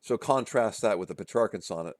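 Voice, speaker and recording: A man's voice: fairly low pitch, brisk, no room sound, studio quality. A male literature instructor giving a casual recorded lecture, with frequent fillers and restarts, often checking in with "okay?" and "right?". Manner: chants rhythms and rhyme schemes aloud.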